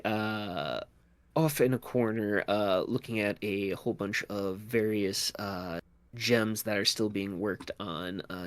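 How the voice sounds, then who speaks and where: A man narrating a tabletop game as game master, with many pauses and fillers. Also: fairly low pitch, dry recording. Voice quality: slow, filler-laden narration.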